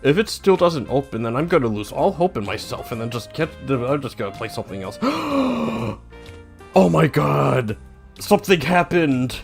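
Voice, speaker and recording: A man's voice: medium pitch, lively intonation, fast talker, hardly any pauses, darkish tone, faint music behind. A man streaming himself playing a video game, chatting casually and joking about himself. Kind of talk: casual gameplay commentary.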